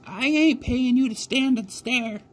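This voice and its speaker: A man voicing a gruff, demanding old farm woman who barks orders in a rural dialect. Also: very high voice, unhurried, pitched above the performer's own voice. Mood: bossy.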